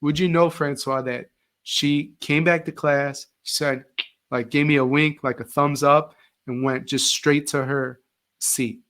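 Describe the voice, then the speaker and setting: A man's voice: a little high, a little slow. A middle-aged man, a former teacher, telling stories as an interview guest and acting out the voices he quotes. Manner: animated, acts out quoted voices. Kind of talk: casual interview storytelling.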